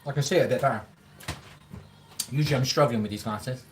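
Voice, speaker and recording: A man's voice: medium pitch, fast, slight background noise. Chatty man eating on stream. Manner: chatty, laughs often, mouth full at times; colloquial, swears freely. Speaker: live streamer. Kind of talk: casual live-stream chat while eating.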